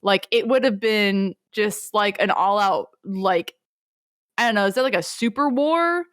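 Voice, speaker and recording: A young woman co-hosting a podcast, recapping a story in an animated, rambling casual chat. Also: medium pitch, unhurried, no room sound, studio quality. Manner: animated, rambling, lots of fillers. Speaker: podcast co-host.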